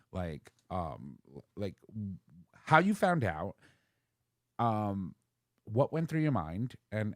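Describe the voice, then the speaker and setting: A man's voice: fairly low pitch, no room sound, clean studio sound. A man co-hosting a podcast in casual chat, telling stories in a rambling way with playful, sassy asides. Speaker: podcast co-host.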